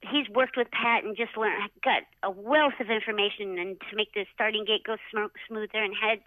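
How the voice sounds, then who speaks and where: A middle-aged woman and former jockey telling stories in a casual interview, animated, acting out others' lines and saying "like" often. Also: mid-range voice, normal speed, dry recording. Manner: animated, acts out others' lines with many "like" fillers. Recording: dull lo-fi audio.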